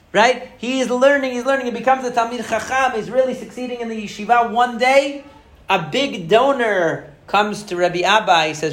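A man with a high voice teaches a Torah lesson, telling a story animatedly and filling it with fillers and restarts.

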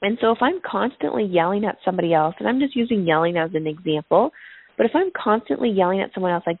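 A woman's voice: mid-range voice, lively intonation, fast talker, dry recording. A woman, a parenting coach, answering interview questions in an earnest, reflective way. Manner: earnest, reflective, uses personal examples. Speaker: parenting coach and podcaster, guest. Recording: tinny phone-line sound, dry.

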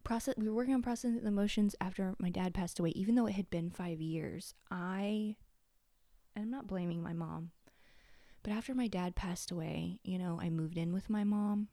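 A woman's voice: mid-range voice, moderate pace, mellow, dry recording, clean studio sound. Tearful, candid woman podcaster. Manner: candid, blunt, swears freely. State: tearful, sniffling. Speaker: podcast host. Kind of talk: confessional solo podcast talk.

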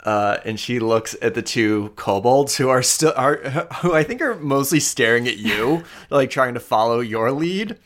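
A man narrating as game master for a tabletop role-playing game, relaxed and casual with frequent hesitations. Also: mid-range voice, a little slow, few pauses.

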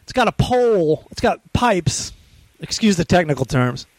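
A man with a high voice that swings widely as he tells an animated, profane story. He loudly acts out the people in it. The sound is dry and close, with no room echo. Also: normal speed. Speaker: podcast host. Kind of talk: casual phone chat.

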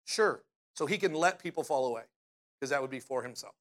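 A man's voice: mid-range voice, animated, brisk, a bit bright. A middle-aged man preaching a sermon in a conversational way, often asking his listeners questions and tagging lines with "right?". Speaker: pastor.

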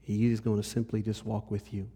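A male pastor giving a conversational sermon. He moves between lively and hushed delivery and speaks straight to the congregation. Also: lowish voice, a little fast, husky. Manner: conversational preaching, shifts between animated and hushed. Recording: long hall reverb.

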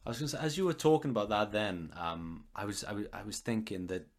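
Low-voiced podcast host asking questions. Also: male voice, fast. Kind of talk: casual interview talk. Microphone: video call.

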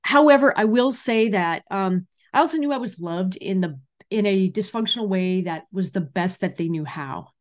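A woman comedian from California speaks as an interview guest. She talks in an animated, chatty manner and tells stories. Her pitch sits in a middle range. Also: normal speed. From California, USA. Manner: animated, chatty storyteller who acts out quotes. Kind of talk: casual interview storytelling.

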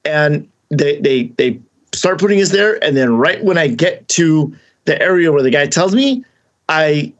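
Animated man telling a story. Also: fairly high pitch, unhurried, lo-fi sound. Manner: rambling, animated, acts out quoted voices. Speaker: podcast host. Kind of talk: casual storytelling chat.

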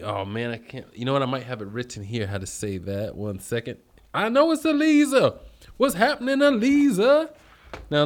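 An American man hosts a casual livestream, calling out viewers by name with upbeat energy. His voice sits at a medium pitch, and he drifts into rambling, chatty asides between greetings. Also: a little mellow. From United States. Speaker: livestream host.

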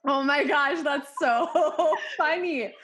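A woman with a Canadian accent hosts a podcast in a bubbly, chatty way. Her voice sits a little high, and she laughs often while acting out what people said. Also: slow pace, bright, forceful tone. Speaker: podcast host. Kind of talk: casual podcast chat.

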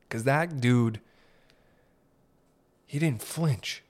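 Here a man from Northern Ontario, Canada hosts a podcast, his medium-pitched voice moving at a slow pace with frequent pauses. The talk is comedic storytelling, told in profane, rambling, animated anecdotes.

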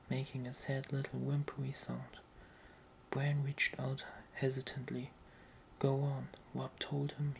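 A narrator softly whispering a fantasy novel aloud in whispered role-play, slow and even. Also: mid-range voice, gravelly, a little hiss or hum, poor audio.

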